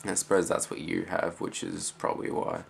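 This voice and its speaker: A teenage boy with an Australian accent, rambling casually in a vlog reply with lots of fillers and quiet trailing-off phrases. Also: low-pitched, level tone, fairly quick, creaky, a little hiss or hum. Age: teens. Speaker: student vlogger.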